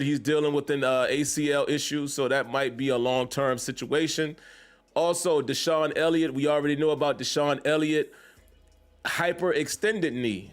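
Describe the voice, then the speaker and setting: A man hosting a live-streamed sports podcast from his home basement, chatting casually and greeting viewers by name. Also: fairly high pitch. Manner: casual, repetitive shout-outs to chat viewers. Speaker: podcast host.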